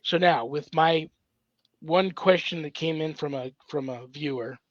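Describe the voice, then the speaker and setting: A man's voice: fairly high pitch, unhurried, no echo. A man who is a priest hosting a paranormal interview show, talking effusively and blessing his guest. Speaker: host, priest. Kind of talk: casual interview chat. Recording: dry, dull lo-fi sound.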